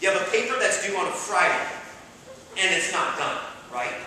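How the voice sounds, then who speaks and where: A man's voice: high voice, lively intonation, normal speed, bright, forceful tone. A young man giving a casual, filler-heavy sermon to students, often asking "right?". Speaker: campus ministry speaker. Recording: echoey hall, distant mic, faint noise.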